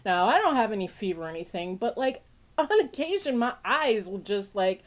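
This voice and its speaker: A woman hosting a podcast in a playful casual chat, laughing often, with a sniffly nose. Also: moderate pace. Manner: playful, laughs often, big pitch jumps when excited. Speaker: podcast host.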